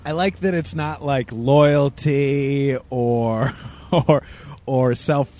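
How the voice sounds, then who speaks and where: A man's voice: mid-range voice, fairly even intonation, extremely slow, mellow. A man guest on a comedy podcast in a bar, tossing in dry, wry asides. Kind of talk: casual comedy podcast chat.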